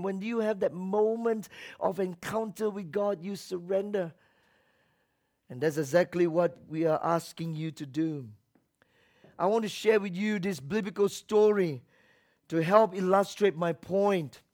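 A middle-aged male pastor preaching a sermon, repeating key phrases and swinging from soft asides to shouted exhortation. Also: high-pitched.

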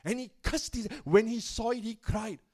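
A man with a high voice preaches from the pulpit at a church service. He tells his story dramatically, swelling and dropping his volume and slowing down for weight. He keeps calling out to the congregation for an answer. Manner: dramatic storytelling with rising and falling loudness and pace; calls out to the congregation for response. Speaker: pastor. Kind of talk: sermon storytelling.

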